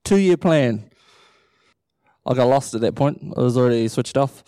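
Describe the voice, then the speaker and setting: A man's voice: mid-range voice, measured pace, dry recording, clean studio sound. A man in his thirties preaching a sermon into a microphone in church, telling stories with playful humor. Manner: animated storytelling with playful humor. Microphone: handheld or stage microphone.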